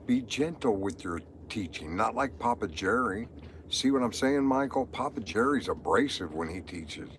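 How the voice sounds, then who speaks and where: A man's voice: mid-range voice, sing-song, normal speed, a little hiss or hum. A middle-aged man talking on a live stream, rambling and repeating himself with strong emotion. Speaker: livestreamer. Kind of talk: live stream monologue, reading chat.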